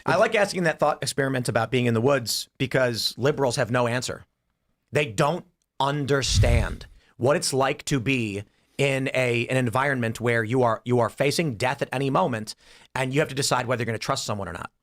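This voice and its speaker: A man's voice: mid-range voice, brisk. A man hosting a political panel podcast, talking through hypotheticals and acting out the voices in them. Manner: animated, acts out voices in hypotheticals. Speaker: podcast host.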